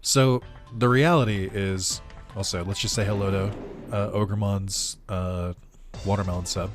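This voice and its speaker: Male gaming creator, low voice, loose rambling let's-play chatter. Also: steady tone, unhurried, soft background music. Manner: rambling, with lots of fillers and chuckles. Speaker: gaming YouTuber. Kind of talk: casual let's-play commentary.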